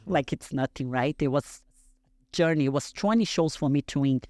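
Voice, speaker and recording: A woman in her thirties from Brazil, speaking English with a Brazilian accent as a podcast guest, telling a story in an animated way and acting out the other people in it. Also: sits low, moderate pace, no room sound, studio quality. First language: Portuguese. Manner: animated, acts out quoted dialogue in a raised voice. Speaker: guest athlete. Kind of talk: casual interview storytelling.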